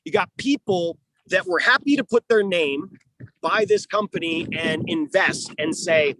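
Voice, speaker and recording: High-voiced man ranting combatively. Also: measured pace, bright, forceful tone, slight background noise. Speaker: fighter's coach and manager. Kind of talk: heated interview talk.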